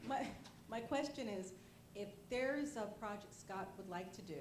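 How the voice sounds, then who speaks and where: A woman's voice: mid-range voice, measured pace, background noise. Shy Brooklyn woman fan in an echoey hall. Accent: Brooklyn New York. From Brooklyn, New York. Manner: shy, giggly, hesitant. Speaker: fan asking a question. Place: convention hall, audience mic.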